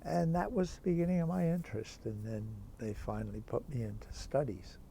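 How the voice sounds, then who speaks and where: A man's voice: mid-range voice, brisk, gravelly, a little hiss or hum. An older man, a priest, telling a chatty anecdote about a teacher, with many asides. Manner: lively, chatty, full of asides. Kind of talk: anecdotal storytelling.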